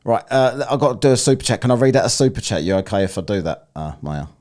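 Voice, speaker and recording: A man's voice: lowish voice, lively intonation, fast talker, darkish tone. Teasing man, voice swinging widely. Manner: crude, teasing, mocking. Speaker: streamer. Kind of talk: casual chat.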